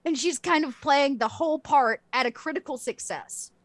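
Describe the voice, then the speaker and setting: Female game master, chatty and rambling, slightly high voice, dry sound. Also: moderate pace, no room sound. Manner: chatty with many fillers and restarts. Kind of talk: narrating a tabletop game.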